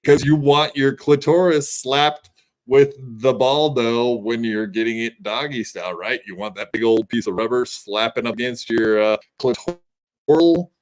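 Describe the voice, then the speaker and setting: A man's voice: medium pitch, normal speed. A man co-hosting a podcast, rambling through crude casual chat with lots of filler words.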